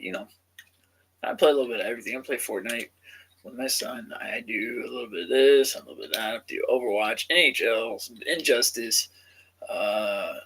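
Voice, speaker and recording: A man's voice: mid-range voice, fairly bright tone, breathy edge, rough recording. A man in his thirties talking casually to camera as a gaming vlogger, rambling and swearing freely. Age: 30s. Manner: profane, rambling, laid-back.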